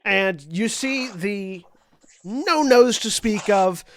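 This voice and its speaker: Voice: mid-range voice, animated, slow, slight background noise. A game master narrating a tabletop scene in a wry, descriptive way.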